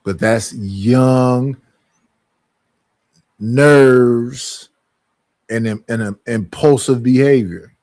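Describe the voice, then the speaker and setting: A man's voice: medium pitch, extremely slow, long pauses, a little mellow, no echo. A man hosts a casual livestream and talks in a blunt, joking way that is full of swearing. His voice sits in the middle range. The sound is dry and close. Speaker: streamer hosting a group call.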